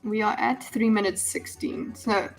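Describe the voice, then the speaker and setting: A woman with a mid-range voice and fairly even intonation speaks unhurriedly to her live-stream audience. Her casual talk meanders, with plenty of ums and restarts, and there's faint music in the background.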